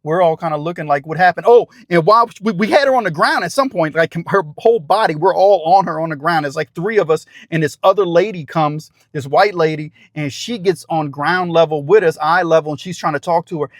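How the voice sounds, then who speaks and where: A man telling a true story to his viewers, excited and rambling, acting out the shouts of the people in it. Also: fairly high pitch, fast talker, no echo, studio quality. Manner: excited, acts out shouted quotes, rambling restarts. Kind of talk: animated storytelling to camera.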